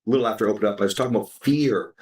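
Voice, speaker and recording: Animated guy hosting a podcast, mic kinda far off, roomy echo, swears casually. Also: fairly low pitch, very fast. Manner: animated, acts out quoted dialogue, swears casually. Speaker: podcast host. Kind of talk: casual chat. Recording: roomy sound from a distance.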